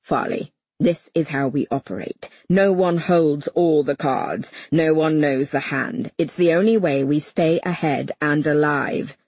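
A woman reading an audiobook, voicing a stern male army colonel who speaks in a low, slow, purring way. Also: husky, no echo, full character voice. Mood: cold, commanding. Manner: low, slow, quiet purr. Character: stern middle-aged male army colonel, cold and commanding.

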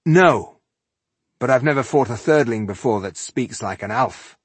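A man voicing a bad-tempered one-eyed male dwarf warrior who snaps impatiently, with a husky voice. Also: mid-range voice, lively intonation, a little slow, no echo, voice pushed up. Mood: indignant. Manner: impatient, grumbling, snappish.

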